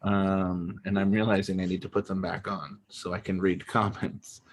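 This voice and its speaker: A man's voice: sits low, flat delivery, moderate pace, slight background noise. Rambling, self-mocking male comedy host. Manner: chatty and rambling, many ums, self-mocking jokes. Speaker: improv show host. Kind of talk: casual hosting, explaining game rules.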